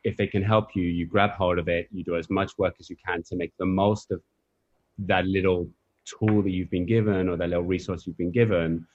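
A man's voice: sits low, steady tone, fairly quick, a little mellow, no echo, dull audio. A man talking as a guest in a podcast interview, thoughtful and reflective, with loose phrasing and fillers. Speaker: coffee professional guest. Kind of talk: casual interview chat.

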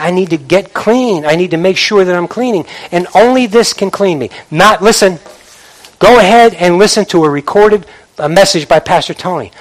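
A pastor with a high voice preaches an animated sermon. He repeats words for emphasis and mimics idle chatter.

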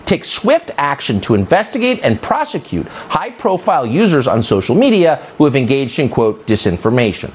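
Indignant, animated male commentary host. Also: mid-range voice, slight background noise. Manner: indignant, sarcastic, mocking. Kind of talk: monologue commentary.

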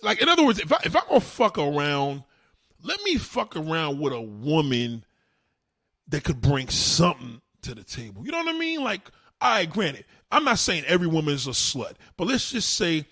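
A man delivers a crude, emphatic rant on a casual livestream. His voice sits a little high and sounds husky. His pitch swoops widely as he hammers each point home. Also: huge pitch swings, normal speed, bright, forceful tone. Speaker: livestream host.

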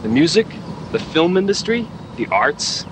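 A brash, excitable male rock singer in a film clip. His voice sits high and swoops around a lot. Street traffic rumbles clearly behind him. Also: unhurried. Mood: boastful. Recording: film audio with outdoor street noise.

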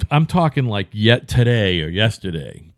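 A man's voice: lowish voice, big pitch swings, moderate pace, no echo, clean studio sound. A man in his fifties with a Boston accent, swearing freely in blunt casual banter. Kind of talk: casual chat.

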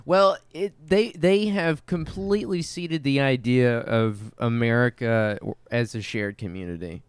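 A man in a casual chat, animated, agreeing often and laughing readily. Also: medium pitch, a little slow, clean tone, no room sound.

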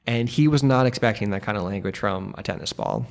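Gravelly wry male storyteller. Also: lowish voice, fairly quick, darkish tone. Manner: wry, rambling with "like". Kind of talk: live storytelling.

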